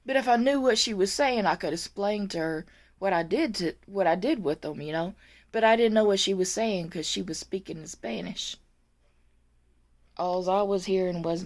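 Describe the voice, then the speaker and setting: A woman's voice: mid-range voice, moderate pace, darkish tone. A woman who works as a nursing assistant, telling a funny work story in a storytime vlog, laughing as she goes.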